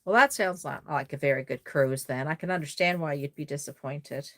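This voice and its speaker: Speaking a little fast in a low, fairly bright voice, this doll-making livestream host chats warmly and effusively with her viewers while she works. She has a Cape Breton Maritime Canadian accent, and the stream is casual.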